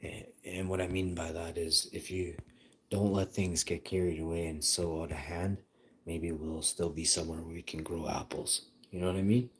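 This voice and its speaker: A man's voice: low voice, fairly even intonation, normal speed, a little hiss or hum. A man chatting casually to his live-stream audience, rambling through stories. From Canada. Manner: rambling, chatty storytelling that turns loud and laughing.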